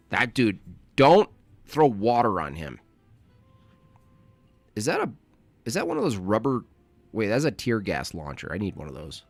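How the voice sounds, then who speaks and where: Sarcastic, animated male streamer. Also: lowish voice, normal speed, creaky, pauses often, no room sound, faint music behind. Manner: mocking, rambling, animated. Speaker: streamer reacting to protest footage. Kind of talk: sarcastic live commentary.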